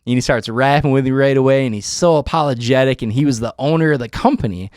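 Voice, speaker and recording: A podcast host telling a profane, animated story and acting out the other people's lines. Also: male voice, mid-range voice, fast, no echo, clean studio sound. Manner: profane, animated storyteller who acts out quotes. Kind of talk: casual storytelling chat.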